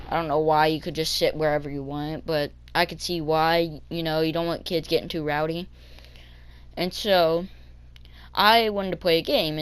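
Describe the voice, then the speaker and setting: A teenage boy telling a story for his vlog in a halting way, with many ums and restarts. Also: on the high side, a bit bright, clean tone. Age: teens. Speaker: vlogger.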